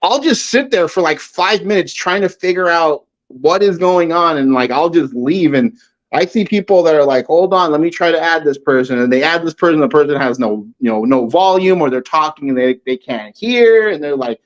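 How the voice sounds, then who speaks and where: A man with a fairly high voice tells a long, rambling story as a guest on a livestream. He fills his speech with "like" and "you know" and slips into other voices for the quotes. The stream audio sounds dull and lo-fi. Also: animated, normal speed. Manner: rambling, filler-heavy, acts out quotes. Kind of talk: casual chat, storytelling.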